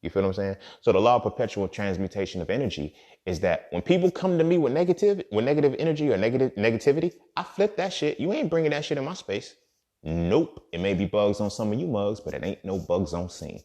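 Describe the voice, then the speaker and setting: A young man with a lowish voice speaks in a casual, unscripted monologue. His talk is streetwise and laced with profanity, and he keeps checking in with the listener as if they were sitting with him. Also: lively intonation, fast talker, darkish tone. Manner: streetwise, profane, repeats "you feel me". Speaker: podcast host.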